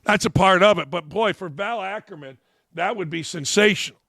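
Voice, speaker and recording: A fired-up male sports talk host who rants with blunt, profane opinions. His voice sits high for a man and comes across forceful and sharp. It sounds dry and close to the mic. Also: moderate pace, gravelly, dry recording.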